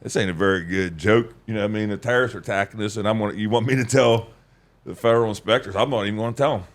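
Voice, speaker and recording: A man's voice: fairly even intonation, rapid-fire. A man, telling his life story in a rambling, folksy way. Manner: rambling, folksy, drops to a low mutter. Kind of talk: casual storytelling conversation.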